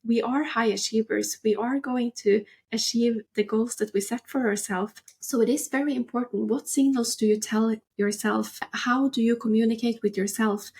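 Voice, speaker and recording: A fairly high-pitched woman co-hosting a podcast in casual chat. She speaks with steady enthusiasm, encouraging her co-host and the listeners about mindset and goals. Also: moderate pace, hardly any pauses.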